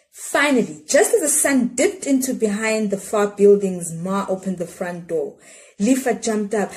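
Woman, children's storybook read-aloud, expressive, dramatic pauses, mid pitch.

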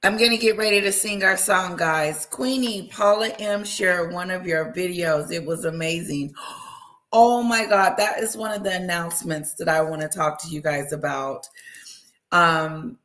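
A woman hosting a casual livestream, warmly greeting viewers by name, bubbly and chatty. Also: lowish voice, normal speed. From Wisconsin. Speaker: livestream host. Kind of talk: casual live chat with viewers.

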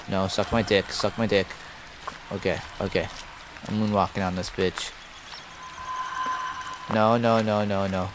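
Low-voiced man reacting to a horror game. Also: background noise. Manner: jumpy, swears and reacts aloud. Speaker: gaming streamer.

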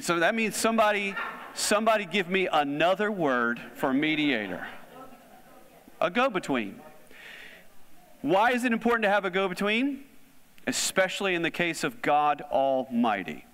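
Preacher in a reverberant hall. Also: male voice, high-pitched, big pitch swings, unhurried, pauses often, a bit bright. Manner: conversational, asks the audience questions. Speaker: pastor. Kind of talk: sermon. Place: church hall.

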